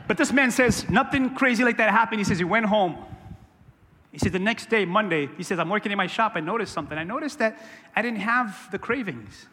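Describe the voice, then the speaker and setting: A man's voice: high-pitched, lively intonation, brisk, bright, forceful tone, in a large hall. A male pastor preaching a sermon in a church, conversational and playful with jokey asides. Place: church sanctuary.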